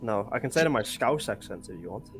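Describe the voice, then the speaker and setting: A man's voice: on the low side, quick pace, vocal fry, soft background music. A man playing a casual online board game, joking and chiming in with rule tips. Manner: lively, joking, chimes in with tips. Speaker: player.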